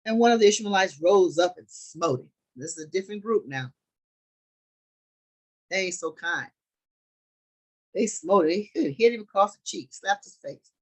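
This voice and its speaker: A woman's voice: lowish voice, lively intonation, normal speed, pauses often, low-quality recording. A woman teaching scripture in a conversational, preachy way, often restarting her sentences. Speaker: Bible study teacher.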